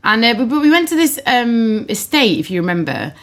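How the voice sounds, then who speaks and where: A woman in a casual political chat, telling a canvassing anecdote in a lively way, full of "like" and "um". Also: on the high side, brisk. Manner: chatty, lively anecdotes full of likes and ums.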